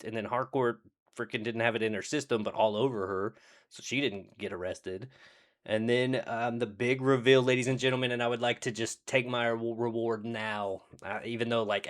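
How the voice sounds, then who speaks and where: A man casually recapping TV episodes in a rambling, profane, sarcastic way, full of fillers and restarts. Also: lowish voice. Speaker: TV show reviewer.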